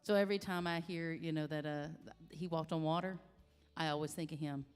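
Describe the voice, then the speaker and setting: A woman in her forties, a singer-songwriter, telling a personal story in a halting, heartfelt way with many restarts. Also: low voice, steady tone, clean tone. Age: 40s. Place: coffee shop. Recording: long reverb, echoey room.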